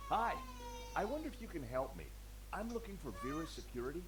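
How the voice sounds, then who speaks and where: A man's voice: fairly high pitch, sing-song, a little fast, noisy background. An actor playing a curious, helpful male adventurer in a video game, mixing dry first-person narration with friendly questions.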